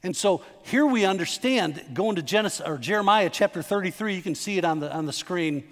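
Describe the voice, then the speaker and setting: A man's voice: high-pitched, lively intonation, a little fast, a bit bright. A middle-aged male pastor preaching a sermon in a conversational, emphatic way, turning to the congregation with asides and questions. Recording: long hall reverb.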